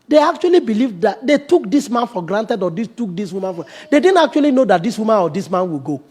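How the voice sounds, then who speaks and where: High-voiced man preaching a lively sermon. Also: quick pace, slightly rough. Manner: animated preaching, acts out quoted voices, laughs often. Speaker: pastor.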